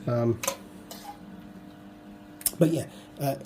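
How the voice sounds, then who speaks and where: Slow-talking hoarse man muttering over a build. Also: mid-range voice, background noise. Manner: muttering to himself, self-deprecating. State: hoarse, voice going. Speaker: toy model builder vlogger. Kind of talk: casual build commentary.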